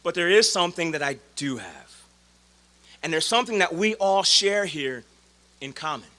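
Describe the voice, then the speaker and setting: A man in his forties giving a commencement speech, storytelling with dramatic swings from loud calls to hushed lines. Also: on the high side, very animated, moderate pace. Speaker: commencement speaker.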